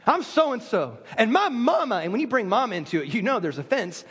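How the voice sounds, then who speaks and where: A man's voice: high voice, sing-song, fairly quick, few pauses, fairly bright tone, slightly rough, long reverb tail. A man preaching a sermon as a pastor, telling stories with self-deprecating humor.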